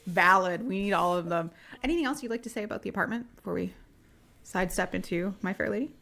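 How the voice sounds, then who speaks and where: A woman's voice: medium pitch, fast, gravelly, a bit bright. A woman co-hosting a podcast, chatting casually about old films, swearing freely and acting out characters' lines. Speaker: podcast co-host. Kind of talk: casual film-review chat.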